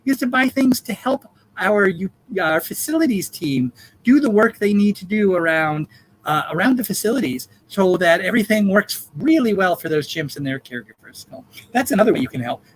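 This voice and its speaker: High, lively, campy male bingo host. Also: slight background noise, rough recording. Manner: campy, jokey, drawn-out number calls. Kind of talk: live charity bingo hosting.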